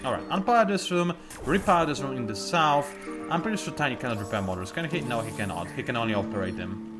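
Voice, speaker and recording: A man talks his way through a strategy game, explaining each move in a chatty, meandering way and restarting when he loses his thread. His pitch is lively and swings up and down. Clear game music plays underneath. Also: quick pace. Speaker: let's play commentator. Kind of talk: gameplay commentary.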